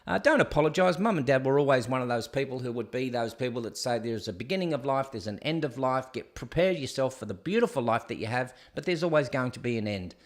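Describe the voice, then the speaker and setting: Man in his sixties, rambling live-show host, ums and uhs, mid pitch. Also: expressive, fast talker, hardly any pauses. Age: 60s. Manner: conversational, rambling storyteller with frequent fillers. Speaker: podcast host. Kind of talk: live casual chat and rant.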